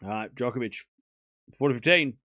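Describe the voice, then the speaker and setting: A man's voice: medium pitch, brisk, pushed and bright, no room sound, studio quality. A man hosting a live tennis watchalong stream, giving casual commentary and chatting to his viewers, sliding into rants with swearing and sarcasm.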